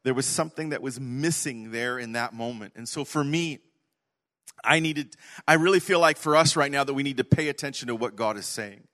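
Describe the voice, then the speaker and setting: A man preaching a sermon, telling an animated story, swinging from loud to hushed. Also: medium pitch, a little fast. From Canada. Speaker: pastor.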